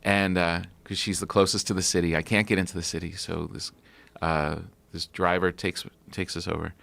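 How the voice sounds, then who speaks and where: A man's voice: sits low, level tone, moderate pace, vocal fry, fairly bright tone, no room sound. A man guesting on a podcast, telling a personal story in a rambling way, full of fillers. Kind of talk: casual storytelling.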